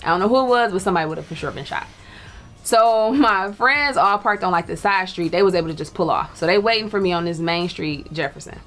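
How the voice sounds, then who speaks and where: A woman's voice: fairly low pitch, fast. Young woman telling a wild story, laughs a lot, faint music under it. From Detroit. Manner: animated, laughing, acts out quoted voices. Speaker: guest storyteller. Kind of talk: casual storytelling.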